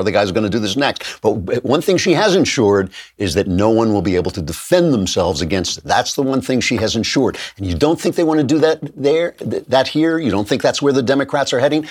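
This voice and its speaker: Male talk host, lowish voice, sardonic and argumentative monologue. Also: breathy edge. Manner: combative, sardonic, reads quotes aloud. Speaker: political talk show host. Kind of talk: opinion monologue.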